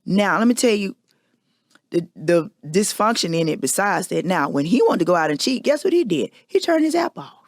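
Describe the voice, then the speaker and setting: Gravelly-voiced woman confessing candidly. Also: on the low side, very animated, moderate pace, no echo, studio quality. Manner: candid, emphatic storytelling. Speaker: podcast host. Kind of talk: personal confession monologue.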